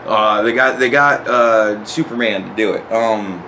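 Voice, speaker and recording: A man's voice: fairly low pitch, fairly even intonation, a little slow, background noise. A man giving a casual spoken review of a TV series, rambling and swearing a lot, often restarting his sentences. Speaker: show reviewer.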